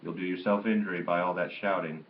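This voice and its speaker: Caring old grandmother who chides softly, read by a man; low voice, roomy dull recording. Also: steady tone, fast talker, a little hiss or hum. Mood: chiding.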